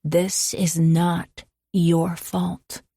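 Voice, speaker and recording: A woman voicing a protective young woman friend in an audiobook, speaking firmly, quietly and coldly. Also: mid-range voice, slow pace, gravelly, breathy edge, no room sound, studio quality, exaggerated voice. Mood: cold fury. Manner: firm, quiet and cold. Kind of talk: audiobook character voice.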